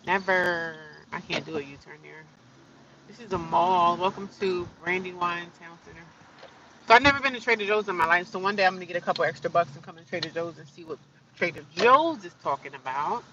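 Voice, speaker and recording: A woman's voice: on the low side, brisk, recorded from a distance, lo-fi sound, a crowd in the background. A woman chatting casually on a livestream from her car, rambling and talking straight to her viewers. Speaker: livestreaming vlogger. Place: inside a parked or slowly driving car.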